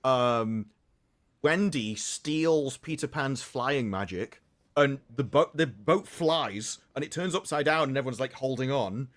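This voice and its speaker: A man's voice: mid-range voice, expressive, measured pace, a bit bright. A man chatting on a live stream with dry, joking banter. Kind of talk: casual live-stream chat.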